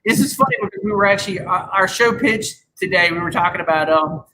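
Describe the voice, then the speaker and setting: Podcast host, man in his thirties, loose rambling chat, swears a lot, bright tone, faint hiss behind. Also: high-pitched, lively intonation, fast, low-quality recording. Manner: rambling, swears freely, many restarts. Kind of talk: casual chat.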